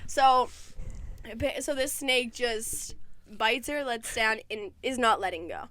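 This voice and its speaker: A woman's voice: a little high, slow. A young woman in college telling a long story in casual podcast chat, full of "like" fillers. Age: young adult. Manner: animated storyteller, lots of "like" fillers.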